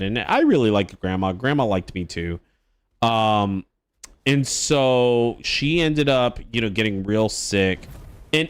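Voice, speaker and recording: A man streaming live, telling a personal story in a rambling, casual way with restarts and swearing. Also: lowish voice.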